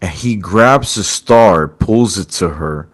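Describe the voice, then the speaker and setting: A man's voice: low voice, slow pace. A man hosting a podcast, telling a story in casual chat and acting out the quoted lines. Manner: animated storyteller, acts out quotes. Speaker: podcast host.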